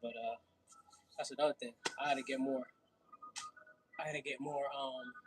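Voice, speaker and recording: A man's voice: medium pitch, steady tone, moderate pace, breathy edge, low-quality recording. A man from Brooklyn with a New York accent, talking casually and laughing on a fitness livestream between sets. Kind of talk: casual livestream chat while working out.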